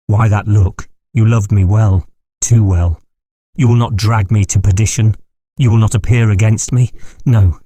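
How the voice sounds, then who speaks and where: A man's voice: lowish voice, mellow, breathy edge, no room sound. A man voicing a delirious, dying middle-aged country squire who raves in frantic terror. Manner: raving, frantic, terror-stricken. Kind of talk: audiobook character voice.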